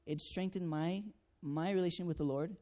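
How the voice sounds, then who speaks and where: A man tells a personal testimony in an earnest, storytelling manner. His voice sits a little high for a man. He acts out each exchange and leans on fillers as he goes. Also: fairly even intonation, fairly quick, warm tone. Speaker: student canvasser sharing a testimony.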